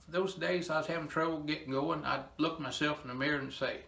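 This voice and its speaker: An older man tells his story in an earnest, emotional, homespun way. His voice is bright and forceful. The sound rings around the hollow space of a barn. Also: on the high side, brisk, vocal fry, few pauses, echoey room. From Indiana, USA. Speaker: inspirational storyteller. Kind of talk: personal testimony talk.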